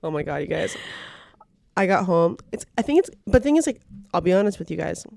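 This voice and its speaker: A young woman co-hosting a podcast, telling a story in animated, laughing casual chat, full of "like". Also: on the low side, fast, creaky, no echo, studio quality. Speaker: podcast co-host.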